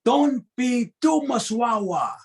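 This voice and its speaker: A man's voice: very high voice, animated, slow, vocal fry, over a noisy crowd, voice pushed up, full character voice. A man imitating his stern older father, speaking broken English with a Tongan accent. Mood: emphatic. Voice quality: broken English, emphatic and blunt.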